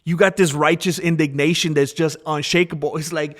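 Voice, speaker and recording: A man hosting a casual opinion commentary, talking in an animated, repetitive way and acting out the voices of people he quotes. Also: on the high side, a little fast, hardly any pauses. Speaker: commentary channel host.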